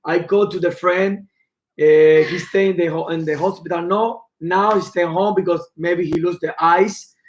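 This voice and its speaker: A man's voice: high voice, fairly even intonation, moderate pace, low-quality recording. A man, joining the stream with blunt, broken English and some swearing. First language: Spanish.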